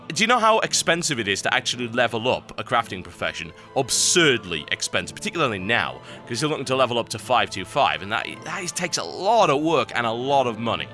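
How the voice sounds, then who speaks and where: A man's voice: mid-range voice, big pitch swings, a little fast, pushed and bright, soft background music. A man hosting a gaming news show, commenting on reader submissions in an emphatic, ranting way.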